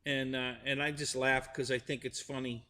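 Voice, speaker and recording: A man's voice: mid-range voice, flat delivery, normal speed, sharp tone, big-room sound. A middle-aged man hosting a live stream, rambling through a joke with restarts and chuckles while chatting with viewers. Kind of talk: casual chat with live chat viewers.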